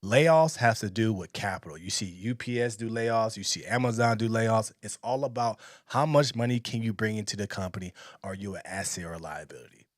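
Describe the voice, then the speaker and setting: A man's voice: on the low side, brisk, few pauses, dry recording, studio quality. A man giving blunt, emphatic commentary in reaction to a video clip. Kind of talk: casual opinion commentary.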